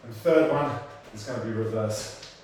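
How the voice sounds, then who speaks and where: A man coaching an online workout class, counting down intervals and cueing form while out of breath, in an energetic, encouraging way. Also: mid-range voice, normal speed, recorded from a distance. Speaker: fitness instructor. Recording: very echoey room, off-mic, faint noise.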